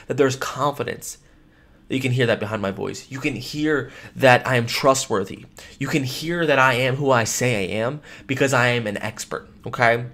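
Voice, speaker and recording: A man's voice: medium pitch, fairly quick, fairly bright tone. A man teaching life insurance phone sales in a training lesson, emphatic and repeating his key points.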